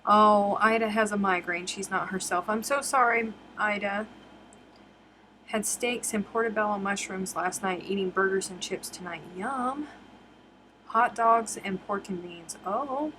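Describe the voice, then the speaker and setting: A woman's voice: medium pitch, unhurried, bright, forceful tone, a little hiss or hum. A woman hosting a casual crochet live stream from home, chatting and reading viewer comments aloud.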